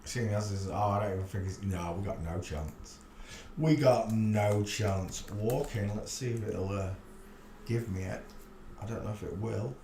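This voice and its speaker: Male host, low voice, rambling crude livestream chatter, echoey room. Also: steady tone, normal speed, a little mellow. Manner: rambling, thinking aloud, crude jokes. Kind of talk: casual livestream commentary. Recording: echoey room, faint background noise.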